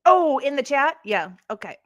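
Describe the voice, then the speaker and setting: A woman's voice: high-pitched, very animated, normal speed, fairly bright tone, no echo, studio quality. Chatty woman hosting a livestream. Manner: rambling, chatty, answers live chat comments. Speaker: true crime livestream host. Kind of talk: casual livestream chat. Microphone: streaming setup.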